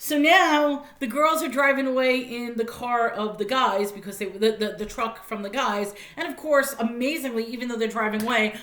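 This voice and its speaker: A woman's voice: on the high side, a bit bright, echoey room. A woman giving a casual, chatty spoken movie review, often laughing and using lots of fillers.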